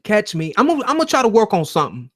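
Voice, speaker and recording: A man hosts a loose call-in livestream with a slightly raised pitch. He talks in an emphatic, preaching way, swears freely and keeps turning to his viewers and their chat. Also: huge pitch swings, very fast, a bit bright. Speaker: host of a call-in show.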